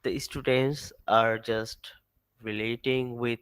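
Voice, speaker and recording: A man calling in as a guest, talking haltingly with restarts and frequent uh. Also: mid-range voice, fairly even intonation, a bit bright, clean tone, low-quality recording. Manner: halting, restarts and asks if he can be heard. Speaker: call-in guest. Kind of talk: casual remote call-in chat.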